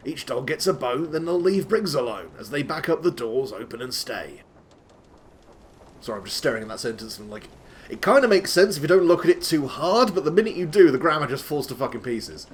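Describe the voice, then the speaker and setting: A man's voice: on the high side, big pitch swings, fairly quick, a little hiss or hum. A man giving a comic, theatrical reading of rhyming verse in a put-on rustic old-timey accent that keeps slipping, with sweary asides. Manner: breaks off into sweary, laughing asides. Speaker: reader of a game walkthrough.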